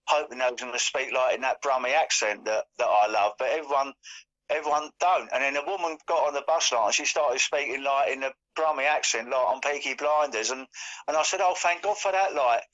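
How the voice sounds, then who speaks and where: A man's voice: medium pitch, brisk, a bit bright. Rambling man, dull lo-fi sound. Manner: rambling, full of fillers. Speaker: co-host. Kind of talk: casual chat. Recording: dull lo-fi audio.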